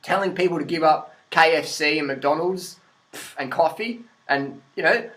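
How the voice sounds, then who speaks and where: A man with a high-pitched voice and an Australian accent rants straight to camera in a casual vlog. He is blunt and sarcastic, swears freely and laughs often. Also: moderate pace, a bit bright, rough recording. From Adelaide, South Australia. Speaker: vlogger. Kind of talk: profane rant-style commentary.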